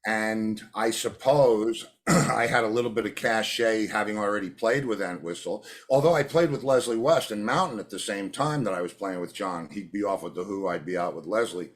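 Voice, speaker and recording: Being interviewed, a drummer-producer recounts anecdotes with animation, slipping into the voices of the characters in them. His pitch is fairly low and his speed normal.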